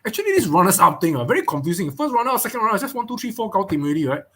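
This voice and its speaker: Singaporean english guy hosting a chill podcast, high voice, repeats himself a lot. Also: sing-song, racing, pushed and bright. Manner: chatty, repeats words, asks listeners for agreement. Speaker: host. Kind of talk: casual podcast preview chat.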